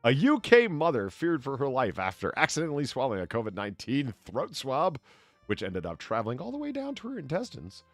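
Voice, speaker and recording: A man's voice: mid-range voice, huge pitch swings, brisk, dry recording, faint music behind. Sarcastic man reading headlines mockingly. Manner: sarcastic, reads news headlines aloud mockingly. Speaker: podcast co-host. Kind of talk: casual crude comedy chat.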